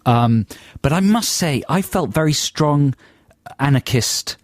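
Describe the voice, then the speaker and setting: A man's voice: a little high, expressive, slow pace, no echo, studio quality. A man co-hosting a radio show, telling a long, rambling story in casual banter. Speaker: radio co-host. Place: radio studio. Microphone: studio microphone.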